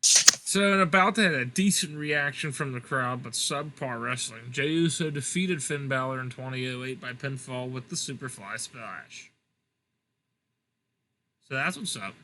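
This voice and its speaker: A young man with a bright, mid-pitched voice reads out game results in a casual, dry way. A faint hiss sits behind him. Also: normal speed, rough recording. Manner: reads results plainly, with filler and dry asides. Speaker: co-host reading match results. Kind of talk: casual gaming commentary.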